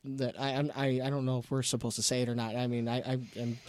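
A man hosting a casual studio radio chat, talking in halting, rambling restarts. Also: medium pitch, level tone, a little mellow. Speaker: radio show host.

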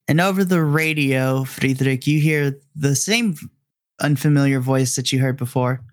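A man narrating a tabletop game as game master, slow and deliberate as he sets scenes. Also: medium pitch, dry recording, clean studio sound. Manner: drawn-out, deliberate narration with voiced characters.

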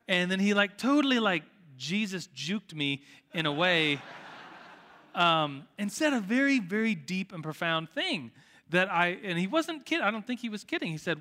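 A man with a bright, fairly high voice leads a church class in relaxed, rambling talk, often restarting his sentences. His voice rings out with a long hall reverb. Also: normal speed. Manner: chatty, with frequent "like" fillers and restarts. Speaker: Sunday school teacher. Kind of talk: informal church class teaching, closing in prayer.

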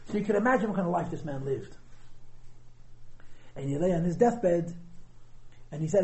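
A man gives a conversational class on a Chassidic discourse, asking rhetorical questions and mixing Yiddish and Hebrew terms. His high voice has lively intonation and a dark tone, moving at normal speed with frequent pauses. The audio is poor and the room echoey.

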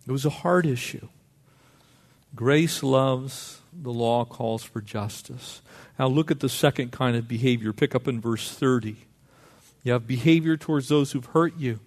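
A middle-aged man preaching a sermon, lively and conversational, acting out little dialogues. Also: fairly high pitch, a little slow. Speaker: pastor.

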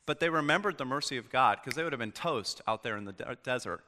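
Guy giving a laid-back chatty sermon, bright voice, long reverb like a big church hall. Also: on the high side, fast talker. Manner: casual, chatty, animated storytelling. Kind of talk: informal sermon.

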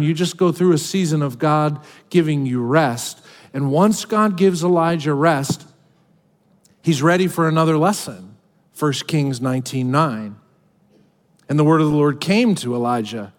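A man's voice: on the high side, measured pace, long reverb tail. A man preaching a sermon as a pastor, dramatically voicing scripture and heartfelt prayers.

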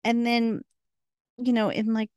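A woman's voice: on the high side, monotone, unhurried, darkish tone, dry recording, studio quality. A woman co-hosting a podcast, chatting casually and recounting scenes with quoted dialogue. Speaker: podcast co-host. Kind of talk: casual recap chat.

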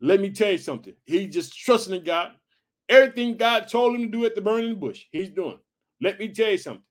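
A man reading scripture aloud and breaking off into fervent, exclamatory preaching, swinging between loud bursts and soft asides. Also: sits high, animated, a little fast. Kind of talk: Bible reading with fervent commentary.

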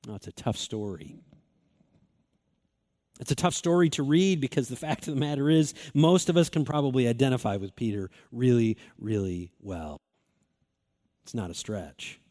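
A man preaching a sermon as pastor, earnest and emphatic, repeating key phrases and slowing down for stress. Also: medium pitch, animated, warm tone. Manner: earnest, emphatic repetition, swings between quick and slow phrasing.

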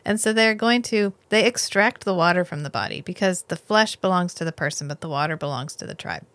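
A podcast co-host recaps a miniseries in animated, casual conversation, swearing freely and performing the characters' lines. Her voice is on the low side and brisk, with no room sound.

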